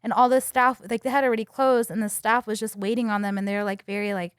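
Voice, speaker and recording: Bright-voiced woman telling an animated story. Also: a little high, fast, clean tone, dry recording, clean studio sound. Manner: animated, filler-heavy retelling. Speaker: podcast guest. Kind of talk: casual storytelling.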